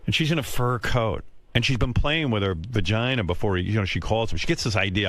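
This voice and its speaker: Brief: male radio host, rambling profane storyteller, very animated delivery, dry studio sound. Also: on the low side, brisk, hardly any pauses, no echo. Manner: profane, rambling, self-mocking. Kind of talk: casual storytelling chat.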